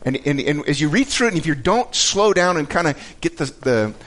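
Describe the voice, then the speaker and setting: A man teaching a Bible passage in a conversational way, earnest and halting, often repeating words as he searches for them. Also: fairly high pitch, sing-song, a bit bright.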